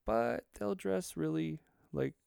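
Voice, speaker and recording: A man's voice: a little high, expressive, slow, vocal fry, darkish tone, smooth, no room sound, studio quality. A man co-hosting a casual podcast, blunt and emphatic in his opinions. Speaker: podcast co-host.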